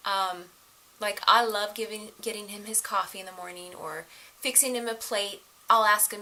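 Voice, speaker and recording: Bright-voiced, animated middle-aged woman. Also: mid-range voice, moderate pace, poor audio. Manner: animated, laughs often, acts out quoted voices. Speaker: relationship advice vlogger. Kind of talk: casual advice talk to camera.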